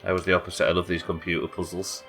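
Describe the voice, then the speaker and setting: A man's voice: sits low, flat delivery, racing, a bit bright, faint music behind. A man streaming a game live, chatting with viewers in a wry, sweary, bantering way. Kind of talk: live gameplay commentary.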